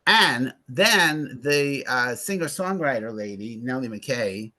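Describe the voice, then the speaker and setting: A man's voice: medium pitch, lively intonation, slow, sharp tone. A man hosting a casual movie club chat, gossiping and making sarcastic asides about a film and its cast.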